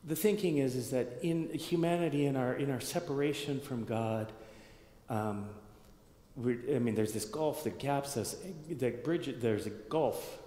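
A male pastor teaches in a relaxed, conversational way, often restarting his phrases and turning to the congregation with questions. His voice sits at an ordinary pitch and rings through a church sanctuary with a long, echoing tail. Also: unhurried. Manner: conversational, thinking aloud with restarts and asides to the congregation. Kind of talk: sermon teaching. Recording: echoey hall with long reverb.

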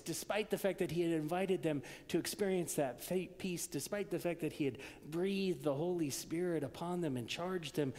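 A man preaching a sermon, swinging from loud, emphatic lines down to hushed whispers. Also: a little high, in a large hall. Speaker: pastor.

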